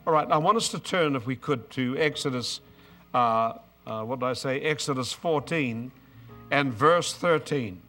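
A man's voice: medium pitch, normal speed, pushed and bright, faint music behind. A man in his seventies with an Australian accent, preaching an emotional, exuberant sermon with bursts of praise and repeated words.

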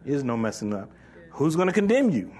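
A male pastor preaching a sermon in an animated, joking way, reading scripture and acting out the voices of doubters. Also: mid-range voice, fast talker, husky.

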